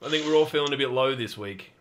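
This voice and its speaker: A man with an Australian accent hosting a casual gaming podcast, laid-back and quick to laugh. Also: medium pitch, fairly bright tone. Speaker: podcast host.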